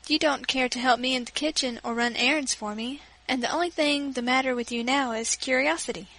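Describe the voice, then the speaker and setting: A woman voicing a plainspoken old female servant who is warm but scornful, speaking briskly. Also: high-pitched, low-quality recording.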